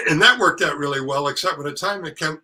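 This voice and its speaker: Older man, very bright edgy voice, casual storytelling, lively, salty language, voices the people in his stories. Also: on the high side, brisk, slight background noise, low-quality recording. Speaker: actor and author, podcast guest.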